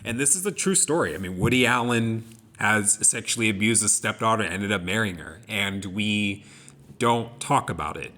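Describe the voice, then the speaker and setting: This young podcast co-host has a lowish, pushed, bright voice, animated and at a moderate pace. Chatting casually about song lyrics, he tells personal stories earnestly and reflectively, restarting often.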